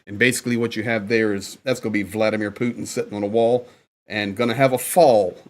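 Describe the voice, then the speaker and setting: A man's voice: fairly low pitch, fairly even intonation, fast talker. A man hosting a casual livestream from Ukraine, reading out viewer names and greeting them one by one. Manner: upbeat, reads out viewer names and shout-outs. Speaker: livestream host. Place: indoors in Ukraine.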